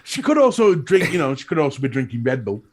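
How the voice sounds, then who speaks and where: A man's voice: mid-range voice, big pitch swings, quick pace. A man with a Northern English accent co-hosting a live stream, cheeky and sweary as he teases his co-hosts. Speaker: co-host. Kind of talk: casual live-stream chat.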